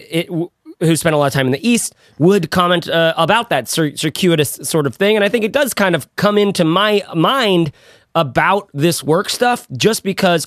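A man's voice: on the high side, no echo, studio quality. A man co-hosting a podcast in casual chat, jokey and rambling, often stumbling over his words. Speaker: podcast co-host.

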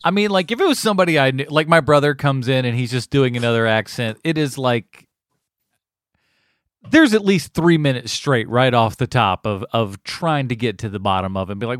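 A man's voice: medium pitch, lively intonation, a little fast, fairly bright tone, no echo, clean studio sound. A man co-hosting a podcast, reading out questions and rambling through jokes with lots of laughter. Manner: rambling, laughing, acts out lines. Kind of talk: casual chat.

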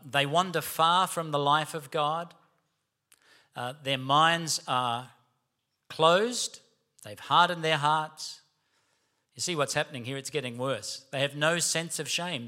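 A man's voice: on the high side, sharp tone. A man preaching a sermon, storytelling and emphatic. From Australia.

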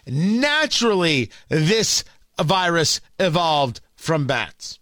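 A high-pitched, lively male radio host tears into his subject with sarcasm and rhetorical questions. His voice is bright and pointed, recorded dry and close in a studio. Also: takes it slowly, no room sound. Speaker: radio talk show host. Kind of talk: opinionated political talk radio monologue.

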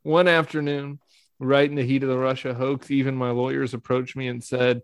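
Deadpan man with a gravelly voice. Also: mid-range voice, moderate pace, no room sound. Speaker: podcast guest. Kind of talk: comedic reading of a parody memoir.

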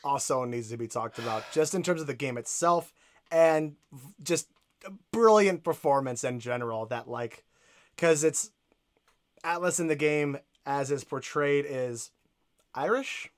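A man's voice: on the high side, measured pace. A man in casual conversation about a video game, rambling with lots of fillers and asides.

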